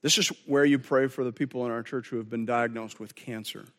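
A man's voice: medium pitch, steady tone, a little fast, a bit bright, big-room sound. A man preaching a sermon as pastor, earnest and conversational, often restarting his phrases.

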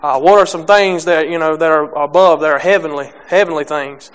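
A young man preaches a sermon, reading scripture and talking plainly about faith, though he halts often with restarts and fillers. His voice is fairly high with a clean tone.

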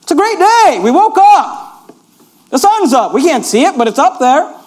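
A man's voice: very high voice, sing-song, normal speed, a little mellow, voice pushed up. A man preaching puts on the voice of Joseph, a cheerful, upbeat prisoner who greets his fellow inmates in a friendly way.

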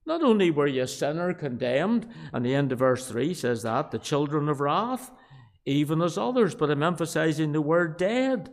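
A man with a Belfast accent preaching a sermon, shifting from quiet asides to loud, emphatic declarations and repeating key phrases. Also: fairly high pitch, lively intonation, normal speed, creaky. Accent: Northern Irish, Belfast. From Northern Ireland. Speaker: pastor.

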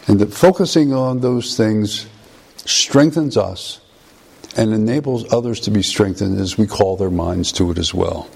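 A man preaching a conversational sermon, often pausing and restarting phrases. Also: lowish voice, creaky, a little mellow, husky.

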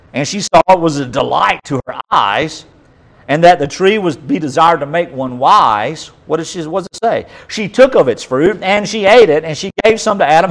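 A man's voice: a little high, poor audio. Man preaching with dramatic emphasis. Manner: dramatic reading with sudden loud emphasis and quiet asides. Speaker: pastor. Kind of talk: sermon reading scripture.

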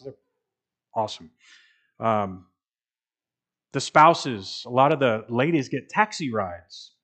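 Male pastor, mid-pitched voice, emphatic sermon delivery with steady build. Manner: emphatic preaching with rising intensity and measured repetition.

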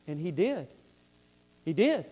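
A man's voice: fairly high pitch, sing-song, takes it slowly, a little mellow, husky. A man preaching a fervent sermon, repeating words and asking the congregation if they follow.

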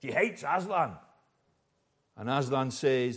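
A man preaching a sermon in a chapel, earnest and unhurried, at times turning to speak directly to the children. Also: mid-range voice, animated, slightly rough.

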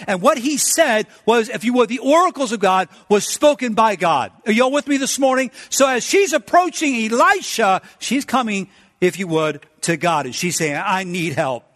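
A middle-aged male pastor preaching a sermon in a church, swinging from loud, urgent pleas to hushed, low passages. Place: church sanctuary. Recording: long church reverb.

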